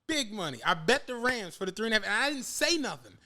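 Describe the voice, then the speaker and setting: A man chats on a podcast with a high, bright voice. He tells profane, animated stories and acts out what people said. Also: fast. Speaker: podcast co-host. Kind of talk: casual chat.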